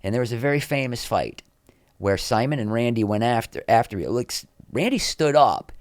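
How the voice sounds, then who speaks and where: Candid behind-the-scenes storytelling comes from a middle-aged actor guesting on a podcast, who animatedly acts out what others said. He has a medium pitch and normal speed, and the recording is dry.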